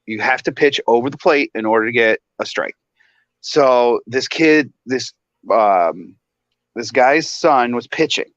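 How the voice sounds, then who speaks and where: A man on a casual talk show, animated and laughing often as he tells a story. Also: medium pitch, unhurried, dry recording, lo-fi sound. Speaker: guest.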